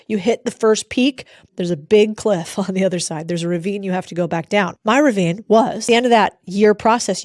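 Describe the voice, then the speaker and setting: An American woman in her thirties telling her career story in a candid, animated way, acting out the other voices in the conversations she recalls. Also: medium pitch, no room sound, studio quality. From United States. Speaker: speaker sharing career story. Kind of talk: motivational storytelling.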